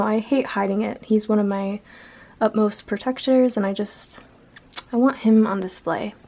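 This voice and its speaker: A woman's voice: on the high side, gravelly, a little mellow. A young woman vlogging casually at home, chatty and playful as she shows things to the camera. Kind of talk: casual vlog chat. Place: home, indoors.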